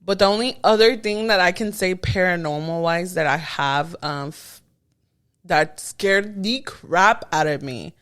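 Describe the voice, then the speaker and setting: A young woman co-hosting a podcast, telling stories in casual chat, animated and often laughing. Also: on the low side, a little slow. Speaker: podcast co-host.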